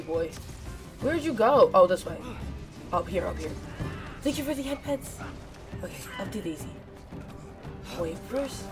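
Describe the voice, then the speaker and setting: A woman streaming a video game live, reacting excitedly and repeating phrases rapidly as she plays. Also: medium pitch. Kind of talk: live gameplay commentary. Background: game music.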